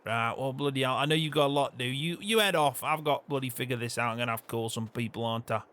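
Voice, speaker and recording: A man's voice: medium pitch, fast, sharp tone, natural voice. A man playing a grumpy farmer in a game role-play, grumbling and swearing constantly. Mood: resigned. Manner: grumbling, peppers every line with swearing.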